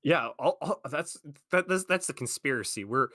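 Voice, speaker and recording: A man's voice: a little high, normal speed, dry recording, clean studio sound. A young man co-hosting a casual stream, reading things out and mocking them with sarcastic, swearing rants. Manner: sarcastic, swearing, animated ranting. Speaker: stream co-host.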